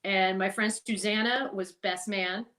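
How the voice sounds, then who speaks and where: Middle-aged woman guest, chatty storyteller, medium pitch, loose and animated. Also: measured pace. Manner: chatty, animated, laughs and swears. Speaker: podcast guest. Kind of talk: casual storytelling.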